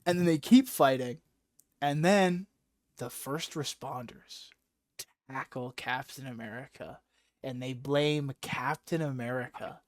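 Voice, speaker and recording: Excitable profane man with a sore throat. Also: mid-range voice, a little slow, no room sound, clean studio sound. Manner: excitable, profane, acts out characters' lines. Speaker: podcast host. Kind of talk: casual chat.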